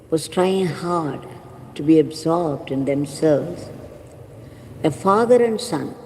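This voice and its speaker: A woman spiritual teacher telling a moral story in a calm, measured sermon. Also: fairly low pitch, big-room sound, low-quality recording. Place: ashram hall.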